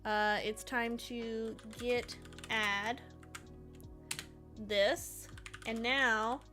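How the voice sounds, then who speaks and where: A woman's voice: a little high, extremely slow, faint music behind. A woman streaming her coding work, chatting casually, reading chat aloud and talking to her cats. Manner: animated, bursts of excitement.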